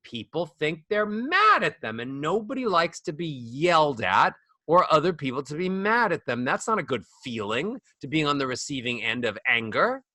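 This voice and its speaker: A man's voice: fairly high pitch, very animated, moderate pace, sharp tone, no echo. A middle-aged man, a voice coach being interviewed, talking in a demonstrative way and shifting volume and melody to show his examples. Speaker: voice coach guest. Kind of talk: animated interview talk. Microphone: small ball microphone close up.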